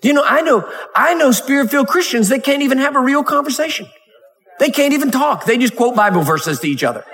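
A man preaches on a Wednesday night in a church sanctuary, his very high, fairly bright voice carrying lively intonation at a fast clip. Between scripture readings he talks conversationally, laughing and doing mock voices, all under long hall reverb.

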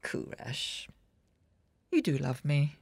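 An actress playing a vain older film star, dramatic and gushing, swinging between sharp and tender. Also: female voice, low-pitched, very animated, slow, creaky, slightly rough, dry recording, full character voice.

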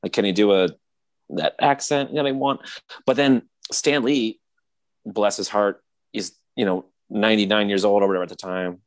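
Casting: lower-pitched man, casual podcast co-host, rambly and excitable. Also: normal speed. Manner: rambling, filler-heavy, excitable retelling. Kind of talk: casual chat.

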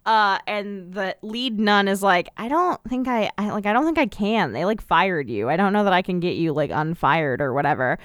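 A woman co-hosting a podcast, summarizing a TV episode in casual chat with a wry, deadpan manner. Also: mid-range voice, normal speed, few pauses, dry recording, clean studio sound. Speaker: podcast co-host.

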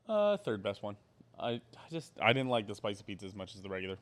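A man's voice: on the low side, sing-song, fast. Casual man co-hosting a podcast. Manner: offhand, swears casually, mumbles asides. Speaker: podcast co-host. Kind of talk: casual chat.

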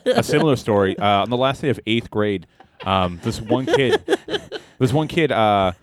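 A man's voice: on the low side, animated, normal speed, dry recording. A man co-hosting a podcast, cracking jokes and laughing often in casual banter. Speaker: podcast co-host.

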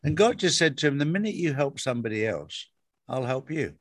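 This is a man's voice at a middle pitch, recorded close with a dry sound. He tells personal stories in an easy conversational way. He repeats key words and phrases for emphasis. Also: very animated, a little fast, no echo. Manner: storytelling, emphatic repetitions. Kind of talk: casual faith conversation.

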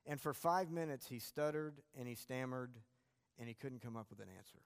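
A man's voice: medium pitch, normal speed, smooth. A man teaching a church class, telling anecdotes in a self-deprecating, conversational way. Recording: long hall reverb.

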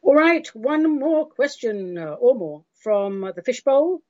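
A woman's voice: a little high, sing-song, unhurried, a little mellow, dry recording, highs cut off. A British woman hosting a spiritual call-in show, chatty and theatrical as she answers listeners, calling them love and darling. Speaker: host answering listener questions.

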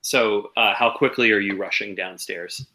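A man's voice: lowish voice, normal speed, pushed and bright, low-quality recording. A man narrating as game master in a casual, hesitant way with many fillers.

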